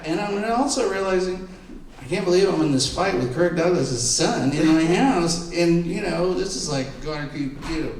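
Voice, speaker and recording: A man's voice: high-pitched, normal speed, noisy background. A middle-aged man, a photographer speaking on a panel, telling anecdotes and acting out the voices of the people in them. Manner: animated, acts out quoted voices. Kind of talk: anecdotal storytelling at a live panel. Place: panel event room. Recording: echoey room, mic far off.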